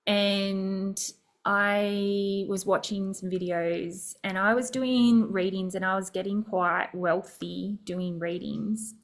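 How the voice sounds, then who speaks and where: A young adult woman hosting a podcast, telling a personal story in a chatty, reflective way with many fillers. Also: mid-range voice. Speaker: podcast host.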